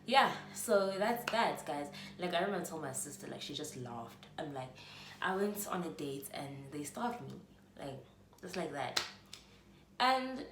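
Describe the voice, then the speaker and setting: A young woman in her early twenties with a South African accent, telling a casual storytime in a chatty, animated way full of "like" fillers. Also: medium pitch. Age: early 20s. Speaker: vlogger. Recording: echoey room, faint background noise.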